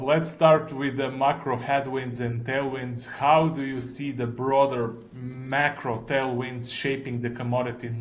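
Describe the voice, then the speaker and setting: A man's voice: medium pitch, a little hiss or hum. Eastern European man hosting an interview. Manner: friendly, formal opening with a read-out disclaimer. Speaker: interview host. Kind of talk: hosted investment interview.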